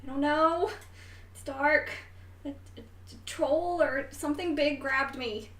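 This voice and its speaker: A woman's voice: high-pitched, measured pace, fairly bright tone, echoey room, voice pushed up. A woman voicing a frightened young man trapped inside a magic mirror, calling out in a panic. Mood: panicked. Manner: panicked calls for help.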